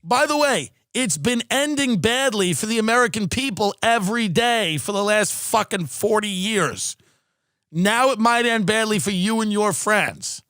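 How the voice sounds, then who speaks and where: A man's voice: high-pitched, animated, a little slow, a bit bright, dry recording, clean studio sound. A male comedian and podcast host delivering a profane, sarcastic political rant.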